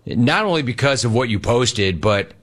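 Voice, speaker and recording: A man hosting a sports talk show in a casual way, reading out listener messages and telling lively stories. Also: medium pitch, moderate pace. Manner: animated, storytelling, mimics quoted people.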